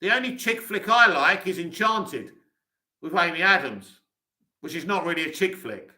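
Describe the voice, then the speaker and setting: A man's voice: high-pitched, lively intonation, moderate pace, bright, forceful tone. A man with an English accent, hosting a live stream, reading viewer comments aloud and answering them with blunt, dismissive opinions.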